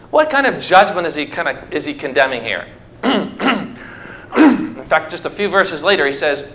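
A man's voice: fairly high pitch, expressive, moderate pace, sharp tone, slight background noise, poor audio. A man preaching a sermon, emphatic and repetitive, acting out voices from the stories he tells. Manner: emphatic, repeats words for effect, acts out quoted voices.

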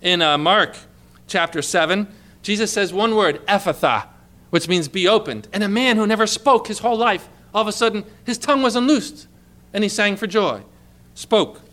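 High bright-voiced male preacher. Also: animated, moderate pace. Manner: emphatic preaching, reads scripture aloud with rising intensity. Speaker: pastor. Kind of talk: sermon.

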